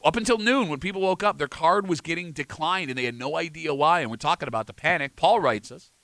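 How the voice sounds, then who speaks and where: A male radio host in a studio who talks fast and teases his co-hosts. His voice is bright and a little high, and his pitch jumps around a lot. The sound is dry and close to the mic. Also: dry recording. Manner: fast, animated, teasing. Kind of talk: morning radio banter.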